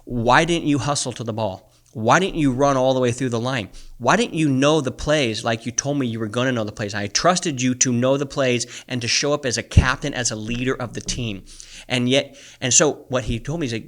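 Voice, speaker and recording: A man's voice: medium pitch, fairly quick, fairly bright tone. Blunt, profane man in his forties. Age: 40s. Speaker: podcast co-host. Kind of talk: ranting motivational podcast talk.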